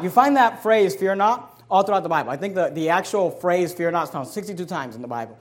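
A man, a pastor, preaching a sermon, swinging between loud, emphatic scripture reading and quiet, low asides, answering his own rhetorical questions. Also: animated, fast, hardly any pauses.

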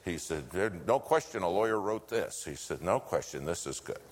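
A man preaching a sermon, telling a story and swinging between loud lines and hushed whispers. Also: sits low, lively intonation, normal speed. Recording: long hall reverb.

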